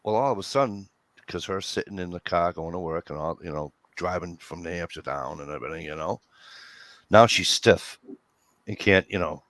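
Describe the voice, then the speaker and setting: A man casually telling a story among friends, profane and animated, acting out what everyone said. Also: sits low, normal speed, no room sound. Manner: profane, animated storyteller who acts out quotes. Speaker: host.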